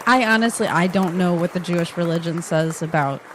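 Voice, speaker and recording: A woman's voice: on the low side, fairly quick, music in the background, crowd noise. A young woman co-hosting a casual political talk show with her husband, chatty and earnest. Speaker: co-host, host's wife.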